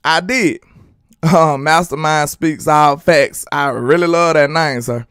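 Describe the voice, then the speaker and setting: A young man, hosting a fan sports commentary livestream, animated and preachy, firing off rhetorical questions. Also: fairly high pitch, slow, smooth, no room sound, clean studio sound. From Alabama, US.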